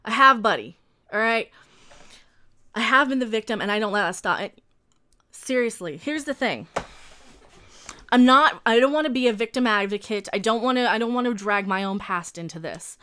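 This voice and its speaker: Bright-voiced woman in a profane rant. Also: fairly high pitch, lively intonation, normal speed, long pauses. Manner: profane, combative, answers critics directly; repeats and restarts when worked up. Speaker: YouTuber. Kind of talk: heated rant to camera.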